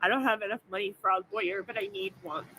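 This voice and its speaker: A woman's voice: medium pitch, fairly even intonation, fast talker, pushed and bright, a little hiss or hum, poor audio. Tearful, upset woman swearing. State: crying. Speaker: vlogger. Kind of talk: emotional vlog monologue.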